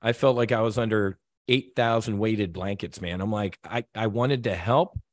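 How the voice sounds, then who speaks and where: A man with a low, fairly deep voice tells a personal story on a podcast. He sounds earnest and heartfelt, and he often stops to restart or repeat himself. The recording is dry and close. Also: no echo. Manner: halting, with many restarts and repeated words. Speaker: podcast guest.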